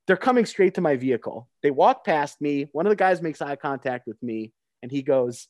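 A man's voice: on the high side, lively intonation, normal speed, few pauses, no room sound. A man hosting a talk show, telling a story to his co-hosts and putting questions to them. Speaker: radio show host. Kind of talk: casual storytelling chat.

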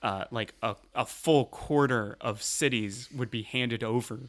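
A man co-hosting a comedy history podcast, explaining history in a halting, chatty way. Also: medium pitch, fairly bright tone. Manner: explaining, halting, laughing often.

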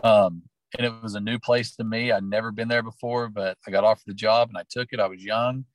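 A man's voice: lowish voice, fairly even intonation, a little fast, dry recording, poor audio. A middle-aged man from Oklahoma, a teacher and sports coach, telling personal stories in an interview in an earnest, heartfelt, rambling way. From Oklahoma, USA.

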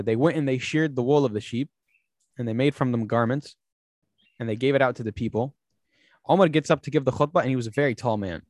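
A man's voice: medium pitch, no room sound, studio quality. A man hosting a casual podcast, telling stories with lots of fillers and acting out quoted speech. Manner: animated storyteller, acts out quoted speech; many fillers and restarts. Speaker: podcast host.

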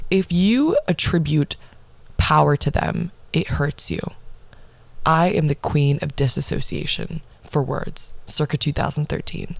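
A woman's voice: sits low, creaky, no echo. Sassy, profane young woman. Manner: sassy, profane, laughing at her own past. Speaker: podcast host. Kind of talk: casual chat, reading old posts aloud.

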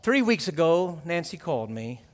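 A man preaching a sermon as pastor, telling a story quietly and then building to loud, fervent preaching. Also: fairly high pitch, sing-song, normal speed, long reverb tail.

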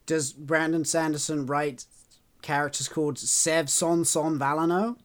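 Playful man, animated podcast co-host. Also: on the high side. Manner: playful and animated, quick to mock protest. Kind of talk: casual chat.

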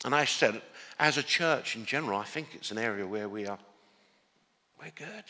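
A man's voice: mid-range voice, pushed and bright, big-room sound. A man from Northern Ireland with an English accent, preaching a sermon as pastor, earnest, often restarting and building to emphatic declarations.

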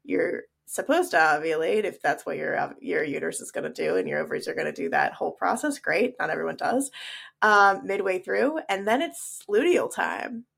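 Gravelly, nasal woman podcast co-host. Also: lowish voice, expressive, moderate pace, fairly bright tone. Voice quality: nasal today. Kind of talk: casual chat.

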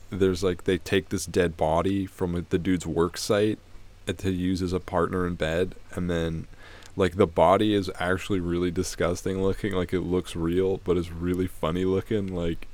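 A man's voice: deep voice, flat delivery, normal speed, a little mellow. A young man co-hosting a podcast, telling movie stories in casual chat, swearing and laughing often. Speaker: podcast co-host.

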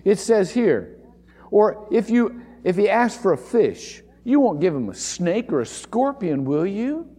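A male pastor delivers a sermon in a high, highly animated voice, hammering home key words by repeating them. His voice rings out with the long reverb of a church hall. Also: unhurried, slightly rough. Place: church sanctuary.

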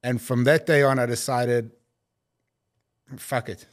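A man with a South African accent tells his story in a relaxed, rambling way, circling back and restarting his sentences. His voice sits at an ordinary middle pitch and stays easygoing. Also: slow. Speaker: guest. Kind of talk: casual conversational storytelling.

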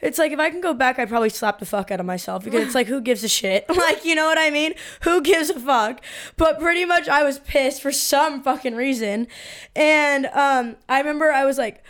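A woman in her twenties co-hosting a podcast and telling a story in a casual, animated way, swearing freely and acting out quotes. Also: high-pitched, a little fast. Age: 20s. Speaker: podcast co-host.

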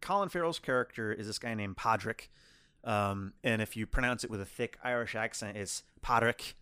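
A man's voice: on the low side, expressive, a little fast, bright, forceful tone, smooth, dry recording. Guy rambling through a movie recap, restarts a lot, dead dry mic. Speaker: podcast co-host. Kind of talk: casual film review chat.

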